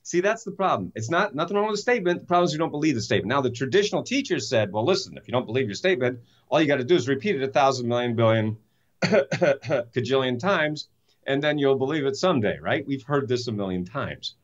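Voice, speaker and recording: A man's voice: medium pitch, lively intonation, fast talker, dull audio. A man speaking as an interview guest, telling a story with enthusiasm and emphatic rhetorical questions. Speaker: guest, self-help author and speaker.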